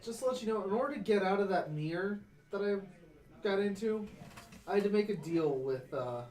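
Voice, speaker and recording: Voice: mid-range voice, lively intonation, a little fast, a little mellow, roomy sound. A player in a tabletop game, chatting casually, often laughing and describing their character's actions. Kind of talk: casual tabletop play chat.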